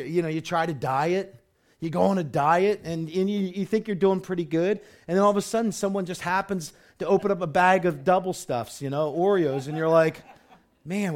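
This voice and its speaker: Higher-voiced man preaching casually. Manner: conversational preaching with rhetorical questions; frequent "you know" and stumbling restarts. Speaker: pastor. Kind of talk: sermon.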